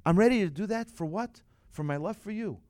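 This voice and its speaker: A man's voice: high-pitched, animated, a little fast, warm tone, no echo, clean studio sound, voice pushed up. A man voicing an aged patriarch who indignantly pleads his merit. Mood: indignant pleading.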